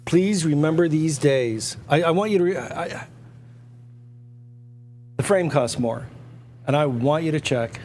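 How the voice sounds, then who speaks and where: A man's voice: fairly high pitch, animated, unhurried, long pauses, darkish tone. A man hosting a live online auction, talking at a computer in repetitive, pushy salesman patter with stammered restarts. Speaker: auctioneer and livestream host. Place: indoors at a computer.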